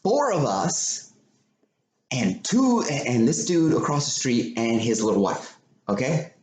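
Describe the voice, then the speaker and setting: Animated swearing man telling a story. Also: medium pitch, unhurried. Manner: animated, profane, repetitive retelling. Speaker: podcast host. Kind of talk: casual storytelling chat. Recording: echoey room with faint noise.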